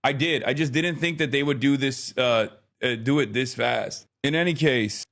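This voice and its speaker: A man's voice: medium pitch, normal speed, creaky, a bit bright. A man in his thirties chatting casually on a live stream, rambling, often exasperated, swearing now and then.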